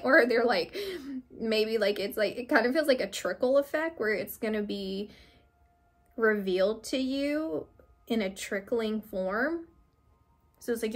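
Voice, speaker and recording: A young woman giving a casual spiritual card reading, rambling with many fillers and restarts, gently reassuring. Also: medium pitch. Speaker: tarot reader.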